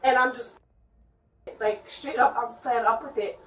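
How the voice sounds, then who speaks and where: A woman's voice: a little high, fairly even intonation, measured pace, reverberant, recorded from a distance, a little hiss or hum, poor audio. A woman giving an agitated, rambling statement to police at her home, swearing and quoting others, recorded on a body camera. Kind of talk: heated spoken account.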